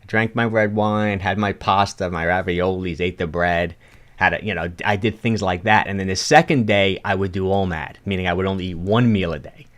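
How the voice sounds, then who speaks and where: A man's voice: sits low, fairly even intonation, moderate pace, a bit bright. A man with a New York accent, a fitness coach giving casual, encouraging advice on a livestream and answering viewer chat, often restarting his sentences.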